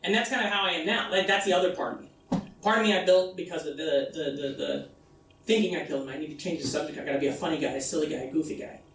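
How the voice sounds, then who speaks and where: A man performing a comedic one-man stage show, telling a story with animated delivery and acting out the people in it. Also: on the high side, rapid-fire, reverberant, recorded from a distance, slight background noise, low-quality recording. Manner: animated storytelling, acting out his mom and himself. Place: theater stage. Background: audience laughter.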